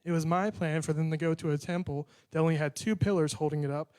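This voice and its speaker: A man's voice: a little high, fairly even intonation, fast, darkish tone, smooth. A young man preaching a sermon in a conversational way, acting out prayers and bits of dialogue.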